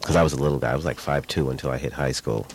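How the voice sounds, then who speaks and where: A man's voice: rumbling low, very fast, slight background noise. A man hosting a casual interview, joking and laughing often with his guest. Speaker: host.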